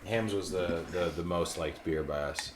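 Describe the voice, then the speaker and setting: A man's voice: low-pitched, moderate pace. A man co-hosting a casual podcast chat, rambling and laughing at himself. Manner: rambling, laughing, self-mocking. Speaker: podcast co-host. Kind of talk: casual chat over beers. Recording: echoey room with faint noise.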